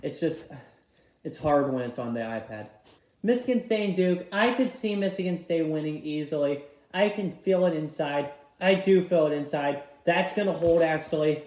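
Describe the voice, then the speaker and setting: High-voiced young man chatting picks. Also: a little mellow. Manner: chatty, quick picks with frequent apologies for misclicks. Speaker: vlogger filling out a tournament bracket. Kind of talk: casual bracket-pick commentary. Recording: echoey room sound.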